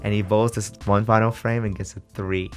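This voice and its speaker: A young man in his twenties telling a comedic story with friends, animated and breaking into loud yelled outbursts. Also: lowish voice, fairly quick, clear, resonant tone, faint music behind.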